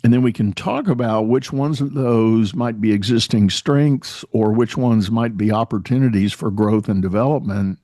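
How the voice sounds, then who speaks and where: A man's voice: fairly low pitch, moderate pace, hardly any pauses, warm tone, no room sound, clean studio sound. A man hosting a podcast interview, talking conversationally about coaching and leadership. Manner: conversational, rambling with restarts. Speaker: podcast host.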